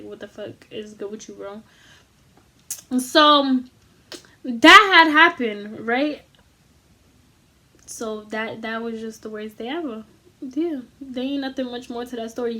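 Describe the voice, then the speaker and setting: A woman vlogger tells a story straight to the camera in loose, slangy talk full of swearing. Her voice sits high and has a bright, sharp edge that carries her animated delivery. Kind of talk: casual storytime vlog.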